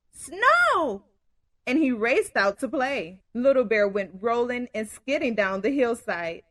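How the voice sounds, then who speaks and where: Brief: expressive woman reading aloud to kids, dry studio-close sound. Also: a little high, no echo. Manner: warm, expressive, addresses kids directly. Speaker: storyteller. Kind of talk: reading a picture book aloud to children.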